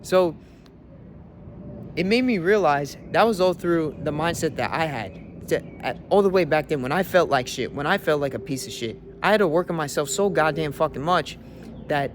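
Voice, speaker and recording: A man's voice: on the high side, expressive, normal speed, a little hiss or hum. Brash, profane young man ranting. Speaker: fitness coach. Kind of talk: motivational rant. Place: in a car.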